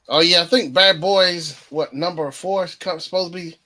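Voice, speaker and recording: A man's voice: sits high, moderate pace, hardly any pauses, pushed and bright. A man hosting a casual live chat show, laughing often and humming bits of songs between remarks. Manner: laughs often, hums and sings snatches of songs. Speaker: show host.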